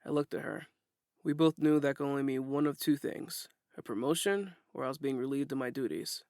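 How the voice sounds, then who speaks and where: Man, first-person audiobook narrator, steady plain delivery, very dry close sound. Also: mid-range voice, fairly quick, no room sound.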